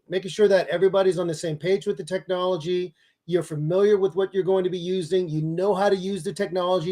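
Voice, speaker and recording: A man who is a public speaking expert and author, giving emphatic, energetic advice in an interview. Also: sits high. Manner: energetic, emphatic coaching delivery.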